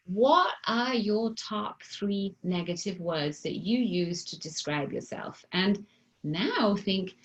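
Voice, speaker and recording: A woman coaching listeners through self-help exercises in an emphatic, animated way. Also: medium pitch, measured pace, muffled recording. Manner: animated, emphatic, acts out example phrases. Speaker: mindfulness coach.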